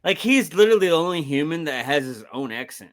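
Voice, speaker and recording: A man's voice: a little high, sing-song, quick pace. A man co-hosting a film podcast, telling stories in casual chat, swearing freely and laughing often. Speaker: podcast co-host.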